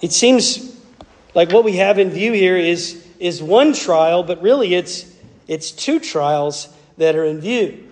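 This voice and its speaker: A Southern American pastor delivers an earnest, conversational sermon. His voice sits notably high for a man. It rings out with the long reverb of a large church sanctuary. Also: animated, takes it slowly, a little mellow.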